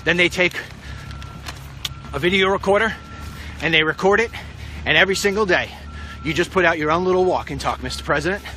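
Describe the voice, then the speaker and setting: This political commentator's voice sits high, bright and forceful; he talks fairly quickly and pauses often. He walks outside amid passing street traffic, addressing the camera in a blunt, rambling political monologue for a walk-and-talk vlog.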